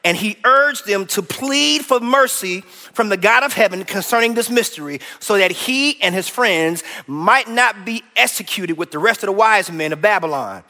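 A high-pitched man preaches a sermon with a bright, forceful ring. His voice carries a long reverb through a church hall. He is lively and folksy, building on repeated phrases and joking with the crowd. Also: normal speed, few pauses. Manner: lively preaching, loud and energetic, with repetition; folksy and playful, cracks jokes with the congregation. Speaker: pastor.

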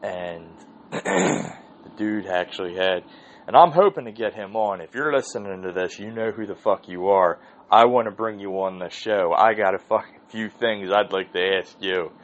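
A man's voice: lowish voice, normal speed, muffled recording. A man hosting his own podcast, telling a rambling, profane story in a casual solo monologue. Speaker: podcast host.

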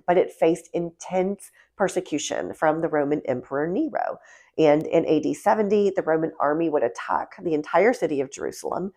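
A woman's voice: sits low, vocal fry, mellow. Nasal, congested woman teaching the Bible. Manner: friendly, explanatory, with frequent "um". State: congested from a sinus infection. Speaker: Bible study teacher and podcast host.

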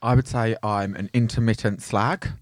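A man hosting a casual podcast, giggly and animated, swearing freely. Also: lowish voice, moderate pace, no room sound. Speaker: podcast host.

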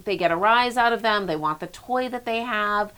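A woman's voice: mid-range voice, sharp tone, clean tone. A woman who runs a children's center, giving emphatic parenting advice in a conversational way. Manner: emphatic, explanatory, quick bursts. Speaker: child development expert, center director.

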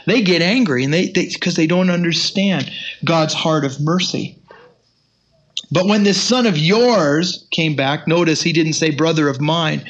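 A man's voice: a little high, a bit bright. A man teaching the Bible in a sermon, reading scripture aloud with rising emphasis.

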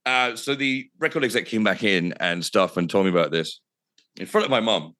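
A man's voice: lowish voice, lively intonation, fairly quick, pushed and bright. A man, a radio presenter telling anecdotes casually, swearing freely and laughing at himself. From England.

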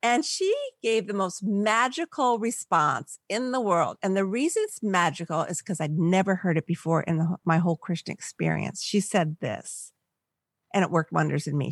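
An older woman from the Los Angeles area, a podcast guest, telling a personal story in an animated way and acting out the voices of people she quotes. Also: lowish voice, moderate pace, no room sound, clean studio sound. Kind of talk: storytelling in a conversational interview.

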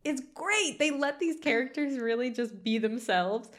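A woman co-hosting a casual film discussion podcast, animated and quick to laugh, often acting out lines in other voices. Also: high-pitched. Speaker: podcast co-host.

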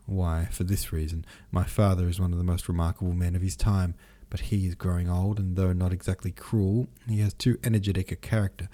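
A man's voice: low voice, flat delivery, fairly quick, few pauses, mellow, lightly acted. A man reading the part of a brooding, bitter young nobleman who argues in a gloomy, cutting way.

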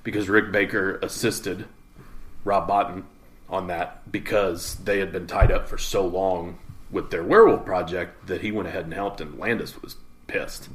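A man co-hosting a casual film podcast, relaxed as he shares trivia. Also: sits low, normal speed. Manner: knowledgeable, relaxed trivia sharing.

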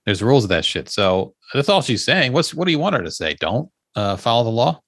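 A man's voice: mid-range voice, big pitch swings, brisk, fairly bright tone, no room sound, studio quality. A man co-hosting a podcast in casual chat. He reasons things through with some fillers. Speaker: podcast co-host.

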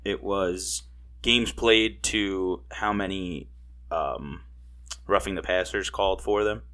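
A man's voice: deep voice, slow pace, fairly bright tone. A man co-hosting a casual sports podcast, heated and swearing often, restarting his sentences. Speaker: podcast co-host.

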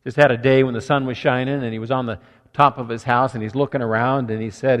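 A man's voice: medium pitch, steady tone, fast, fairly bright tone, dull audio. Man preaching in a reverberant hall. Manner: earnest, conversational preaching with numbered points. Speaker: pastor. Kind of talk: sermon.

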